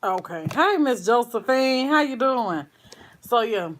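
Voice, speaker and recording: A woman's voice: fairly high pitch, expressive, unhurried, background noise. Chatty woman live-streaming. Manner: chatty, slangy, calls viewers girl and child; ranting with profanity. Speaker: vlogger reading live chat. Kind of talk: casual live-stream chat.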